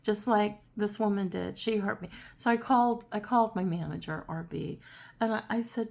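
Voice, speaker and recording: A woman psychic telling a personal story in a chatty, casual way, repeating herself and getting animated when she quotes people. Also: mid-range voice, moderate pace, vocal fry. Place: home, seated in a rocking chair.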